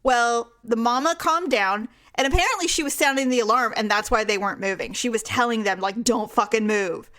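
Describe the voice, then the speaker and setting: A woman's voice: on the high side, fairly quick, few pauses. A woman co-hosting a podcast, telling a story in casual chat and acting out the voices and sounds in it. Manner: animated storyteller, acts out quotes and animal sounds. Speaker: podcast co-host.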